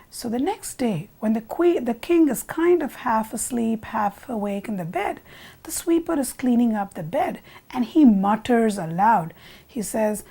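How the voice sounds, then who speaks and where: Animated woman telling a fable. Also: fairly high pitch, measured pace. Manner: expressive, shifting from loud to whispered. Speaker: storyteller. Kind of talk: animated storytelling narration.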